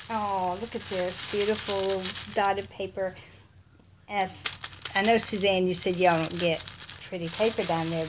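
A woman's voice: mid-range voice, background noise. A woman with a Texan accent, gushing over baby clothes in a casual unboxing vlog, often dropping to a whisper. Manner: gushing, breathless with delight, slips into whispers. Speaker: vlogger.

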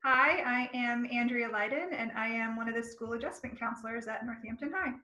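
A woman's voice: on the high side, fairly quick, pushed and bright, reverberant, lo-fi sound. A woman school counselor talking casually about her work in an interview, friendly and chatty. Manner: friendly, chatty, laughs easily.

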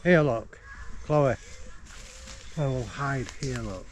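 A man's voice: medium pitch, slow pace. A man talking to his young daughter outdoors in a park, playful and coaxing. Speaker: father. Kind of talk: casual family chat. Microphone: 360 camera. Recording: outdoor background noise.

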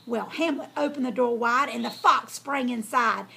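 A woman's voice: a little high, normal speed, gravelly, few pauses, a little hiss or hum. Folksy woman reading a storybook. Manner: folksy and lively. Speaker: storyteller host.

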